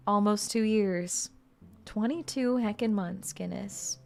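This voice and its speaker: A woman's voice: on the high side, a little mellow. Playful, chatty woman streamer. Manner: playful, chatty, reads game text aloud. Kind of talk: casual gameplay commentary.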